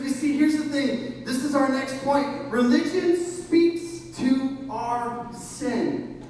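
A man's voice: very high-pitched, slow pace, darkish tone. A man preaching a sermon as pastor, earnest, asking the congregation questions and often restarting his words. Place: church hall. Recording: echoey hall, voice from far off, faint noise.

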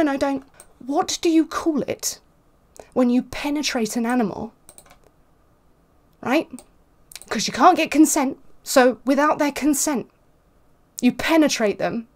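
A woman with a slightly raised pitch delivers sarcastic, exasperated commentary on a video she is reacting to. Her tone is mocking and impatient, full of pointed rhetorical questions. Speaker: vegan video creator reacting to clips.

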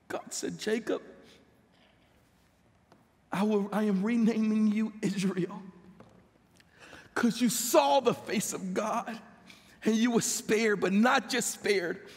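Guy preaching slow and tearful, really high gravelly voice, big reverby hall. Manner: emotional, tearful testimony building to impassioned pleas. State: crying. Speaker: pastor. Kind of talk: sermon with personal testimony. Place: church sanctuary.

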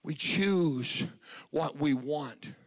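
Revival preacher, man, gravelly, pitched high, shouts and hushes. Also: drawn-out words. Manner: shouting, swinging from loud to hushed. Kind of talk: revival sermon.

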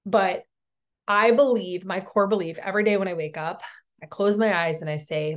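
A woman's voice: medium pitch, steady tone, moderate pace. Chatty woman coaching her sales team. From Tennessee, USA. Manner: chatty, encouraging, checks in with "okay?". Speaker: network marketing team leader. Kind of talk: recorded sales training talk.

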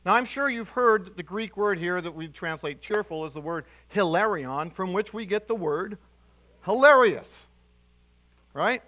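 A man preaching in a church sanctuary with a high, bright voice. He talks in a lively, emphatic way, starting over often and breaking into loud bursts. His sermon to the congregation moves between quiet asides and excited exclamations. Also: moderate pace, few pauses, lo-fi sound. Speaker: pastor.

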